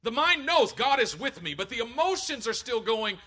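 A man's voice: extremely high pitch, big pitch swings, moderate pace, few pauses, bright, forceful tone. A middle-aged man preaching a sermon, acting out voices as he tells stories from his own life. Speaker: pastor.

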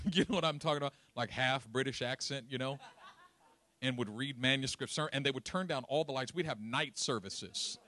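Preaching as a pastor, he tells funny stories with lots of energy and laughs along the way. His voice has a medium pitch and a moderate pace.

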